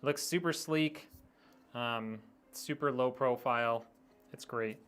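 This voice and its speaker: A man's voice: mid-range voice, slow pace, fairly bright tone, smooth. A middle-aged man live-streaming a PC build, chatting casually, thinking aloud with plenty of ums and likes while he works.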